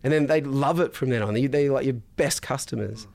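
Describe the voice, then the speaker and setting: Fast-talking blunt man. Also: mid-range voice, vocal fry. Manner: blunt, swears freely, animated storytelling. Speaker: podcast guest, business founder. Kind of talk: casual interview chat.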